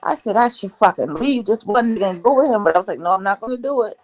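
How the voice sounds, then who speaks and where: A woman's voice: mid-range voice, animated, fast talker. A woman co-hosting a livestream chat, blunt and teasing, with slangy talk. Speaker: livestream co-host. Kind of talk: casual chat.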